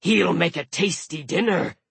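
A man's voice: high-pitched, a little slow, gravelly, fairly bright tone, husky, no echo, voice pushed up, heavily acted. A man voicing a greedy male dragon who mutters to himself as a storybook figure. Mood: sly.

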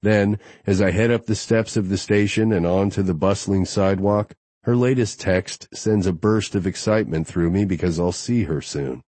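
A man's voice: sits low, moderate pace, hardly any pauses, a little mellow, no echo. A man narrating a romance audiobook in first person, intimate and wry.

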